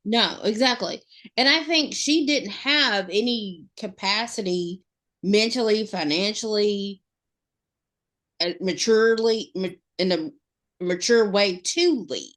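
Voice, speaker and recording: A woman co-hosting a podcast, talking loosely in casual chat. She rambles, restarts her sentences and leans on filler words. Her pitch sits in the middle of the usual range. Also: slow, a bit bright. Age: adult mother. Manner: rambling, filler-heavy, lots of "like". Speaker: podcast co-host.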